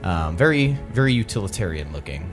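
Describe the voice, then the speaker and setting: A man narrating as the game master with a relaxed, hesitant delivery. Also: low-pitched, brisk, soft background music. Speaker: dungeon master.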